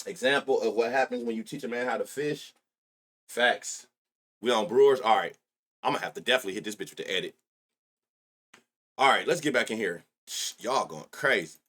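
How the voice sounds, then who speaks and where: A man hosting a sports betting livestream, chatting casually with loud excitable outbursts and heavy slang. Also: medium pitch, brisk, long pauses. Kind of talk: casual live-stream chat.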